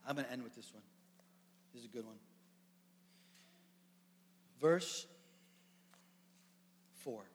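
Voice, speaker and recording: A man preaching a sermon, animated and storytelling, acting out the characters. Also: medium pitch, slow pace, long pauses. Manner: animated storytelling, acts out voices. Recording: echoey hall.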